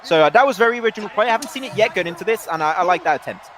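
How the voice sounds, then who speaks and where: A man's voice: high voice, animated, racing, crowd noise. A man doing rambling, self-correcting play-by-play commentary on an esports match.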